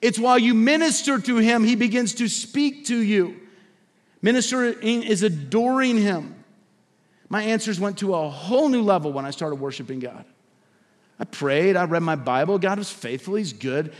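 High-voiced preacher in a reverberant church. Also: male voice, expressive, normal speed. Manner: preaching with swelling emphasis and sudden drops to a hush. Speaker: pastor. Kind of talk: sermon. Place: church sanctuary. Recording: long hall reverb.

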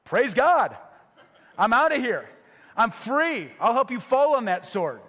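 A preacher putting on a giddy freed prisoner. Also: male voice, extremely high pitch, very animated, a little slow, a bit bright, big-room sound, pitched above the performer's own voice, heavily acted.

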